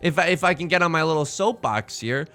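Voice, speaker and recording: A man's voice: on the high side, expressive, brisk, pushed and bright, soft background music. A man hosting a gaming video, chatting casually with joking, rambling asides, his voice a bit strained. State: voice strained from singing. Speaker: let's play host.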